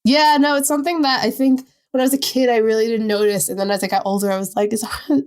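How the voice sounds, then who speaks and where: A woman with a Long Island New York accent, co-hosting a casual podcast chat in an animated, chatty way. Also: a little high, fast, clear, resonant tone. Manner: chatty, animated, laughs easily. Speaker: podcast co-host.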